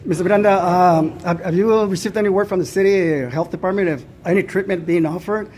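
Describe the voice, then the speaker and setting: Higher-voiced male reporter asking halting questions. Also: darkish tone, slight background noise. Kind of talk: press conference question. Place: indoor hall at a press conference.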